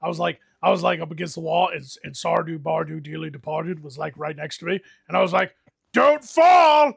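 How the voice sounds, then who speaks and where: Guy with a high gravelly husky voice, crude rambling stories, dry close mic. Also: flat delivery, fast talker, a bit bright, no echo. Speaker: game master and player. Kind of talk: improvised comedy role-play livestream.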